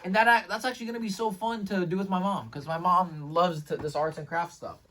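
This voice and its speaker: Casual vlogger, male, slightly higher voice, excitable rambler, heavy on fillers, recorded a bit off-mic. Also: a little fast, recorded from a distance. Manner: rambling, filler-heavy, says "like" and "bro" constantly; excitable, restarts sentences often. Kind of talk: casual daily vlog recap.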